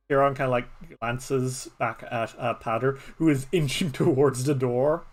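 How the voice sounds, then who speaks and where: A man's voice: mid-range voice, fairly even intonation, unhurried, few pauses. A man with an Irish accent narrating a solo tabletop game as a streamer, in a loose, rambling way full of fillers. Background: music.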